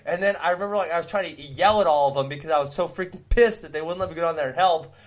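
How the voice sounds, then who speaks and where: A man from Wisconsin co-hosting a podcast, telling a long story in a rambling, animated way and laughing often. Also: a little high, racing. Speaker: podcast co-host. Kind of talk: casual storytelling chat.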